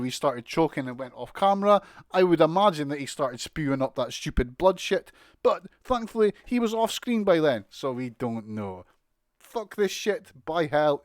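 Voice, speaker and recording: In a fairly high voice, recorded studio-clean with no room sound, a British man rants through a wrestling show recap. He's casual, sweary and mocking, exasperated but laughing as he goes.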